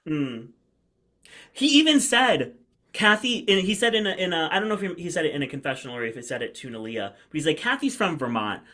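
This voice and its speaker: A man co-hosting a podcast in casual chat, animated and quick to mimic the people he talks about. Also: on the high side. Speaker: podcast co-host.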